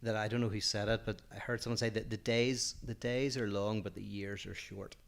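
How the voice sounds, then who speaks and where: A man co-hosting a podcast, talking in a thoughtful, reflective way that pauses and restarts as he works through ideas. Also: on the low side, level tone, gravelly. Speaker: podcast co-host. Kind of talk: casual podcast chat.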